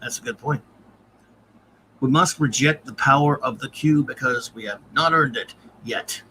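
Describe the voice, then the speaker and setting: A man's voice: mid-range voice, moderate pace, bright, forceful tone, slight background noise. A man hosting a casual live-stream review, reading out viewer comments and grades and chuckling often. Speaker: podcast host.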